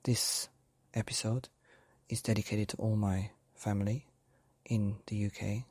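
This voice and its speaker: A man hosting a bedtime story podcast, speaking gently and playfully to children. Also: lowish voice, little pitch movement, a little slow, breathy edge, no echo.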